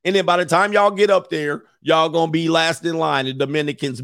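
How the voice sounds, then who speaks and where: Casting: male host, casual stream commentary, joking and animated, dry close mic. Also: a little high, brisk, vocal fry, no room sound. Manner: joking, animated riffing with laughs. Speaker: show host reading chat.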